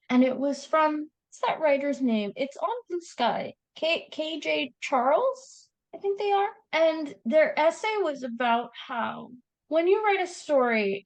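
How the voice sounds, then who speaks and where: Brief: Canadian woman, guest author, high bright voice, lively and laughing. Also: poor audio. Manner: animated, laughing storyteller. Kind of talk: casual interview chat.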